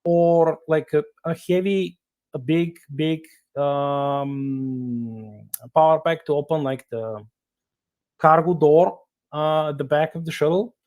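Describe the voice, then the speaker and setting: A man acting as game master, explaining rules in a halting, casual way. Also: on the high side, a little mellow. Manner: hesitant, lots of fillers and restarts. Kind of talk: casual tabletop game narration.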